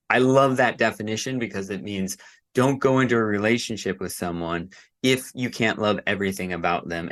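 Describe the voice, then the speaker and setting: A man's voice: deep voice, a bit bright. A man co-hosting a podcast, giving earnest relationship advice in casual chat. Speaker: podcast co-host.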